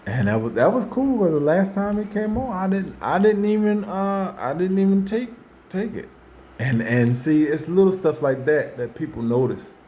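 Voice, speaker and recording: The host's voice is high-pitched and dark-toned with lively intonation, at a normal speed. Chatting casually about faith and day-to-day life, he rambles, repeats himself, starts over, and acts out what others say, and a little hiss or hum can be heard.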